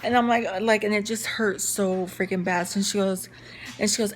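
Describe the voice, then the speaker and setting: A woman's voice: mid-range voice, fairly even intonation, normal speed, slight background noise. A young woman telling a casual story-time vlog, chatty with lots of fillers and restarts. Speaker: vlogger.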